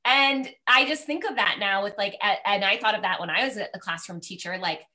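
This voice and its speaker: Bright, gushing woman podcast host. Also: medium pitch, brisk. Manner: enthusiastic, gushing, peppered with "like" and "right?". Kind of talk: casual interview chat.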